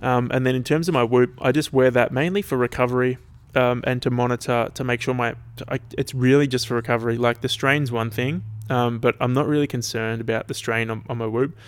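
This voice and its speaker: An Australian man runs a casual solo podcast, speaking briskly with hardly any pauses in a medium-pitched voice with fairly even intonation. He's laid-back and rambling, swears freely, and sounds tired and yawning. The tone is clean, with no echo.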